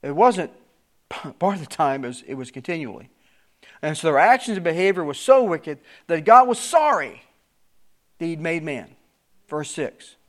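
Man, Bible teacher, slightly high voice, reads verses with emphasis, explains plainly, repeats words often. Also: big pitch swings, normal speed, long pauses. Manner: reads scripture aloud with rising emphasis, then explains in plain talk. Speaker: preacher.

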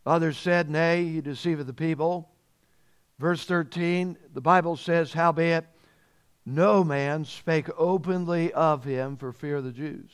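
A man preaching a sermon as pastor, emphatic and repeating phrases, growing louder on key points. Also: a little high, steady tone, measured pace, smooth.

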